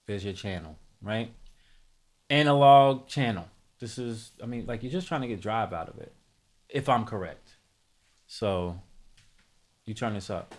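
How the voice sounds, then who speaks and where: A man's voice: fairly low pitch, lively intonation, measured pace, long pauses. A man hosting a live music production tutorial, talking casually to his chat, thinking aloud and correcting himself as he goes.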